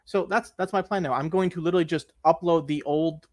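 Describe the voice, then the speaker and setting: A young man with a slightly higher-than-usual voice rants through a casual podcast chat. He swears freely and acts out his frustrating calls to tech support. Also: brisk. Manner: exasperated ranting, swearing, acting out phone calls. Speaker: podcast co-host.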